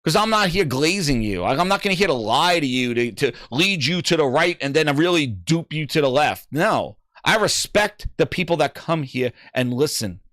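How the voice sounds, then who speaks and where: A man's voice: fairly high pitch, expressive, normal speed, hardly any pauses, fairly bright tone, no echo, studio quality. A man hosting a gaming livestream, reading viewer comments in casual, profane, hype-driven banter. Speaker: gaming channel host.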